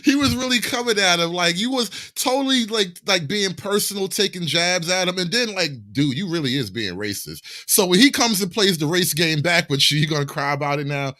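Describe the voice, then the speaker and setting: A man co-hosting a casual chat and telling an animated story, laughing often. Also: sits high, a little fast, few pauses, dry recording, studio quality. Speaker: co-host.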